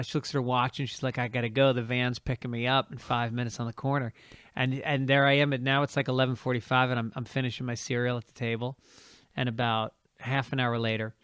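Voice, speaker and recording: Bright-voiced comedian spinning a yarn. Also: male voice, medium pitch, smooth, no room sound, studio quality. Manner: animated storyteller with quick asides. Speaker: podcast host and stand-up comedian. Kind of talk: comic storytelling in casual chat.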